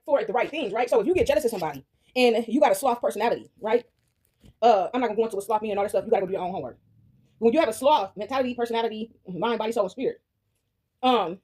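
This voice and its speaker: A woman's voice: fairly high pitch, a little mellow, slightly rough. A woman giving a casual spoken reflection on Bible stories, rambling and checking in with "right?" and "y'all" all the time, and laughing often as she goes. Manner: laughs often while telling. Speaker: video creator sharing faith reflections.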